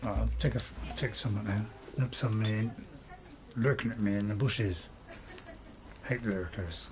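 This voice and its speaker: There's background noise as a man with a lowish voice delivers let's-play commentary at a measured pace. Hosting his own gaming channel, he rambles chattily to himself and chuckles a lot.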